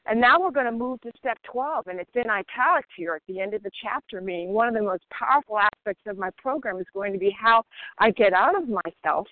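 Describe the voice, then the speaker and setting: A woman's voice: medium pitch, fairly quick, dry recording. Woman sharing over a tinny phone line. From Maryland. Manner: earnest, emphatic, steady. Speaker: member sharing at a phone meeting. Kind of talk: recovery meeting share.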